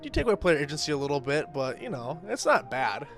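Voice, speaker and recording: Animated high-voiced male commentator. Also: fast, faint music behind. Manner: animated, emphatic, repeats himself for effect. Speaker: host reading and commenting on role-play stories. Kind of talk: casual commentary.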